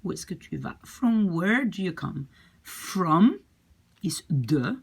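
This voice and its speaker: A woman with a Dutch accent teaching a language lesson, patiently repeating phrases slowly. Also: lowish voice, sing-song, creaky, slightly rough.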